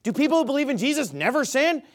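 High-voiced man preaching emphatically. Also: very animated, quick pace. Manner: emphatic, quizzes the crowd with rhetorical questions. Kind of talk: sermon.

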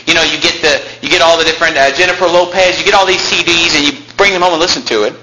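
A male pastor preaching a combative sermon, with big swings in pitch and loudness that climb to shouts. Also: fast. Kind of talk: fiery Baptist sermon. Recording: echoey room with faint noise.

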